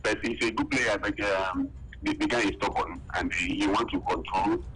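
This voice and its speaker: A man calling in to a radio show, giving his opinion in a halting way with many restarts. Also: on the low side, animated, a bit bright, breathy edge, rough recording. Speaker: caller. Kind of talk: phone-in opinion.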